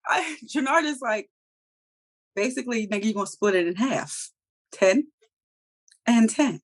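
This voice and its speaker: A woman co-hosting a review show in casual chat, talking in an animated, profane way and acting out characters' lines. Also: on the high side, a little slow, pauses often. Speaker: TV review podcast co-host.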